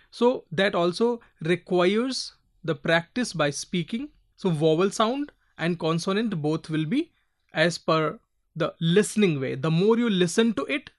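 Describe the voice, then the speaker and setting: A teacher giving a recorded pronunciation lecture to learners, spelling out word endings letter by letter and repeating each example word several times. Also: mid-range voice.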